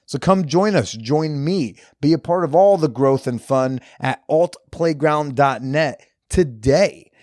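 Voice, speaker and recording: A man hosting a podcast, doing casual ad reads and fan shout-outs in a jokey, off-the-cuff way with crude humor. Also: on the high side, unhurried, few pauses, no room sound, clean studio sound. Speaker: podcast host.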